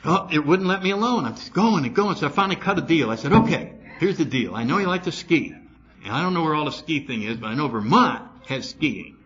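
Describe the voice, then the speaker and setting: An older man speaking at a recovery meeting, telling a story and acting out both sides of his conversations in an animated way. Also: fairly high pitch, a little fast, muffled recording.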